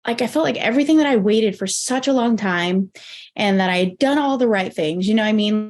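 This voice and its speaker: A woman in her thirties tells her story as a guest on an interview podcast, at a middle pitch for a woman. She talks fast and casually, leans hard on "like," and acts out each quoted line. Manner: animated, acts out her own and others' quoted lines with lots of "like".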